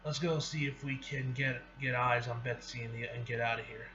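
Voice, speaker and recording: A man's voice: medium pitch, level tone, fairly quick, pushed and bright, natural voice. A man reading the lines of a roguish male thief with a laid-back, guarded drawl, from a dull lo-fi recording. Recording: dull lo-fi recording with faint hiss.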